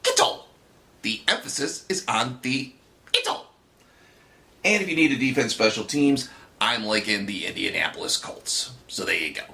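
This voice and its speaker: A man's voice: mid-range voice, animated, moderate pace, creaky, pushed and bright, slight background noise. A man voicing a wisecracking male puppet football bookie who hosts a fantasy football picks rundown, wry and teasing, calling his viewers kids. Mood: wry, confident. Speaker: puppet host of a fantasy football tips show.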